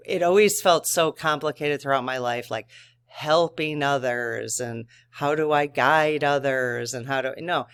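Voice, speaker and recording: A man's voice: mid-range voice, a bit bright, clean tone. A man hosting a spiritual channel, talking casually and earnestly to his viewers, thinking aloud with frequent restarts.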